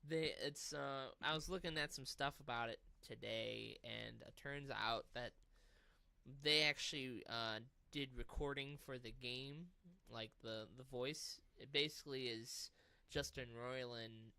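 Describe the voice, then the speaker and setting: A man co-hosting a casual gaming podcast, telling stories in an animated, profane way. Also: medium pitch, measured pace, vocal fry, clean tone, no room sound. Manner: animated storytelling with swearing and laughs. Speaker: podcast co-host.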